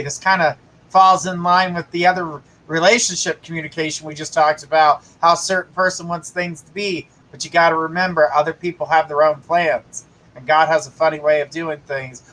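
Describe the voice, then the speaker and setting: A man's voice: fairly high pitch, sharp tone, a little hiss or hum, rough recording. A man hosting a live psychic show, giving casual, reassuring readings and direct advice to a caller. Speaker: psychic host.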